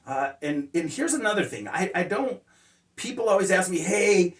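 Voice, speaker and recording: A man's voice: high voice, very animated, moderate pace, fairly bright tone. A man telling personal stories as life lessons in a casual, rambling way, full of "uh" fillers and blunt, profane language. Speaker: motivational speaker sharing life lessons. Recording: roomy sound, distant mic.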